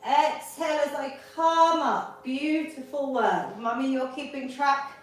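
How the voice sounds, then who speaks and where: A fitness instructor leads a live online exercise class, coaching with upbeat encouragement. Her voice is high-pitched and a little slow, heard from a distance in an echoey room.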